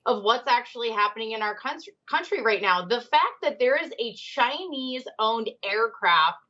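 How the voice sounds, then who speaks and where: Female correspondent, high-pitched and urgent, muffled remote-link sound. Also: lively intonation, moderate pace, pushed and bright. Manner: earnest, urgent, many fillers. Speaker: news correspondent. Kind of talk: remote interview commentary.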